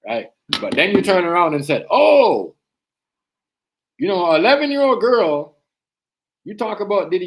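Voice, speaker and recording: A young man, live-streaming a heated, repetitive rant that swings from loud outbursts to low mutters. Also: rough recording. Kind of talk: ranting live-stream commentary.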